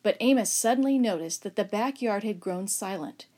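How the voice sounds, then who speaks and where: A woman narrating a children's Bible story aloud, lively and expressive, raising her voice for shouted lines. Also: medium pitch, normal speed. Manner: expressive, acts out shouts and whispers.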